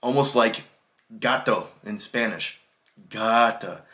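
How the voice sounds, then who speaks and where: A man's voice: lowish voice, slow pace. American man teaching English casually. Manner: relaxed, conversational explaining with spoken examples. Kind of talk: casual video lesson.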